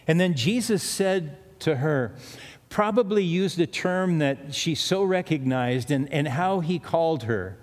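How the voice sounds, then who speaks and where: A middle-aged man preaches, weaving scripture into relaxed personal stories as a pastor. His voice sits a little high for a man. The sound carries a long, echoing reverb, as if from a church hall. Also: unhurried. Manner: conversational storytelling preaching with asides. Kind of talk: sermon.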